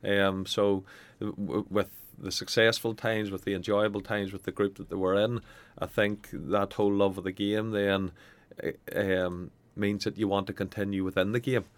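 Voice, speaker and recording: A former footballer, a man, answering an interview in a halting way with many restarts. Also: lowish voice, little pitch movement.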